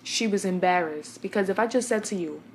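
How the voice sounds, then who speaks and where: A woman's voice: medium pitch, a little fast, slight background noise. A young woman from Brooklyn, New York, talking casually to camera as a vlogger, a blunt and chatty storyteller who speaks straight to her viewers.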